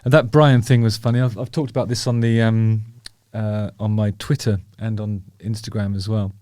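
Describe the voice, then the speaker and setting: A show host with a lowish, dark voice rambles through casual commentary at a moderate pace, his delivery flat. He's chatty, wry and self-deprecating, full of fillers, and the studio sound is clean with no room sound.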